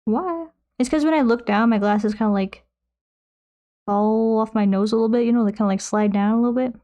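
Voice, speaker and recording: A young woman with a fairly high, mellow voice chats into a close desk mic while she paints on stream. She rambles and laughs at her own habits as she answers her viewers, and her tone stays loose and self-mocking. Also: a little fast, lo-fi sound. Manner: rambling, self-mocking, reads chat aloud. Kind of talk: casual chat while painting. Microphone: desk microphone close by.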